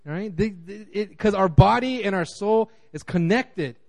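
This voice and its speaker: Man, pastor, high voice, casual sermon, animated, restarts a lot. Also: a little slow. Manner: animated, acts out quotes, frequent restarts.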